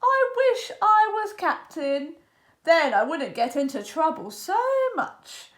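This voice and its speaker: A woman's voice: sits high, sing-song, slow pace, a bit bright, full character voice. Woman doing a whiny hapless pirate boy. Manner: whining, pleading. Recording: echoey room.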